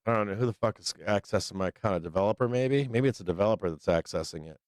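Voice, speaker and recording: A man hosting a live trading stream, chatting casually in a profane, rambling, excitable way. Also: fairly low pitch, very fast, dry recording, clean studio sound. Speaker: livestream trading show host. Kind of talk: casual livestream chat.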